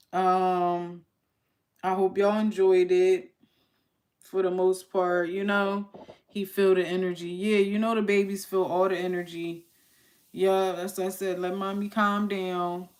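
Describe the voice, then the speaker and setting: A woman's voice: mid-range voice, little pitch movement, a little slow. A young woman hosting a casual livestream, ranting to her chat in an exasperated way. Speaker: livestream host.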